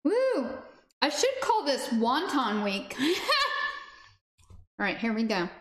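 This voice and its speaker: With a fairly high, sing-song, fairly bright voice, this woman speaks slowly while hosting a casual cooking livestream from her home kitchen. She's bubbly and talks to chat viewers as she cooks, with the room echoing and faint noise in the background.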